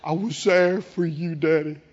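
A preacher acting out a whiny, resentful older brother. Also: male voice, fairly high pitch, steady tone, measured pace, a little mellow, dull audio, some chatter behind. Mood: whining. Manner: whiny, complaining. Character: resentful, self-pitying older brother, young man.

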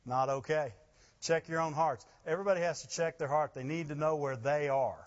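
A man preaching a sermon, rising to loud emphasis with laughing asides. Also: on the high side, brisk, dull audio. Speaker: pastor.

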